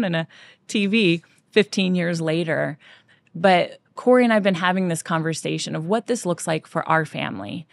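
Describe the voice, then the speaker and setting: Earnest woman with a low voice. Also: no room sound. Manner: earnest, conversational. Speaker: podcast host. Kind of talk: faith-based podcast monologue.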